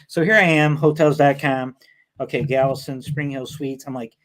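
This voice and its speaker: An American man telling stories in a relaxed, animated podcast chat, swearing now and then. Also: medium pitch, normal speed. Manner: animated storyteller, swears freely. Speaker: podcast guest. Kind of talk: casual chat.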